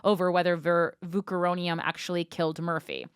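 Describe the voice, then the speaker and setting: A woman's voice: lowish voice, little pitch movement, fairly quick, clean tone, no echo, studio quality. A woman co-hosting a podcast, recapping a news story in casual chat and talking things through with frequent restarts. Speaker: podcast co-host.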